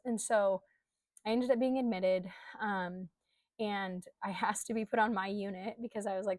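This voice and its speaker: A woman's voice: mid-range voice, fairly even intonation, moderate pace, a little mellow, no echo. A young adult woman telling a personal story in a candid, conversational way, with frequent ums and likes. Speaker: coach.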